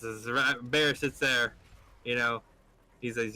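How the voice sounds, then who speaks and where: A man's voice: medium pitch, fairly even intonation, a little slow, long pauses, bright, forceful tone, rough recording. A man telling a joke in a casual, rambling way, with lots of fillers.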